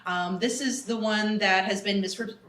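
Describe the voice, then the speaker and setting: A woman's voice: mid-range voice, steady tone, moderate pace, fairly bright tone, far from the mic. Foul-mouthed young Boston woman, echoey room. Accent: Boston, slipping in at times. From Boston, USA. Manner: swearing, laughing, slips into a rough Boston voice. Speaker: podcast co-host. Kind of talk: casual chat.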